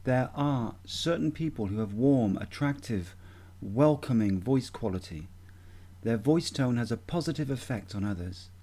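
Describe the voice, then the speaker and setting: A man giving a measured, deliberate instructional talk as a voice coach. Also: medium pitch, expressive, warm tone.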